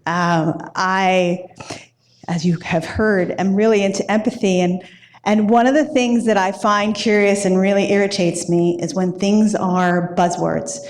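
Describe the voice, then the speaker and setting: A woman from New York giving a lively, conversational storytelling talk as a company CEO at a live event. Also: mid-range voice. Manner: lively, chatty, acts out dialogue with "I'm like". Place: live event in a loft space.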